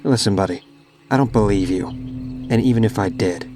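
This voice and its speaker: A man's voice: lowish voice, moderate pace, noisy background, natural voice. A man voicing a brash young camper with tough-guy bravado, blunt and dismissive. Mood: defiant.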